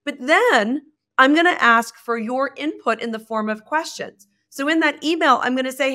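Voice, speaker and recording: Podcast guest: expressive woman, higher voice, acts out little exchanges as she talks. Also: normal speed. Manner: expressive, acts out dialogue with shifting pitch. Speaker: guest, communication expert. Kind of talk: animated podcast conversation.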